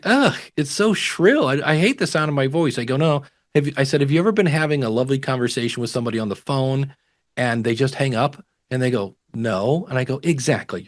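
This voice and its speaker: Male guest expert, casual and animated, mimics others in quotes. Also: medium pitch. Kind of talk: casual interview advice.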